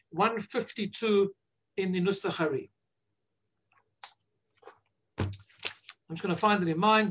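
A man's voice: high voice, muffled recording. A man teaching prayer to listeners as a rabbi, earnest and instructive, patiently repeating page references. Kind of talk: explaining the liturgy to listeners.

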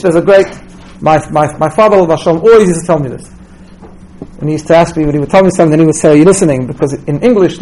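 Religious teacher, male, high-pitched, storytelling delivery, repeats himself on restarts. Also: a little mellow, poor audio. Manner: storytelling, tags points with "right?". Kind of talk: teaching talk with stories.

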